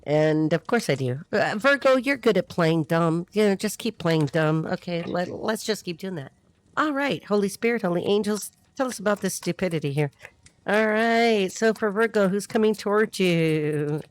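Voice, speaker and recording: A woman giving a casual, chatty tarot reading, laughing often and tossing in quick asides. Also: medium pitch, expressive. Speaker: tarot reader.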